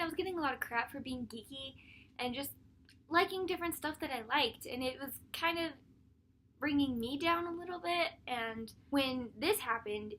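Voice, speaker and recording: A young woman vlogger telling a story in a casual, animated way, acting out what people said. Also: high-pitched, a little hiss or hum. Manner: animated, breathless retelling with quoted voices and laughs.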